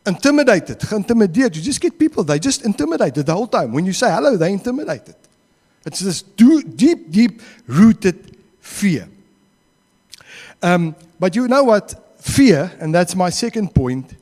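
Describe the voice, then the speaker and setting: A man's voice: high-pitched, normal speed, big-room sound. A man with a South African accent preaching a sermon in a church, acting out the quotes he tells. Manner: animated, acts out quotes.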